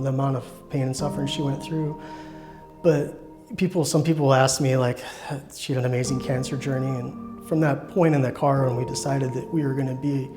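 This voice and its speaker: A man sharing a personal faith testimony in an earnest, reflective way, pausing and restarting as he speaks. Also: medium pitch. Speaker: church member sharing testimony.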